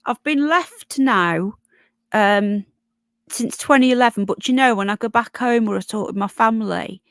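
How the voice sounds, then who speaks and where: A woman's voice: on the high side, normal speed, dry recording, clean studio sound. A woman from Birmingham with a Brummie accent and a touch of Yorkshire, chatting casually as a livestream host, blunt and sweary, calling viewers "love". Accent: Brummie, with some Yorkshire. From Birmingham, England. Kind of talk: casual live chat reading comments and news.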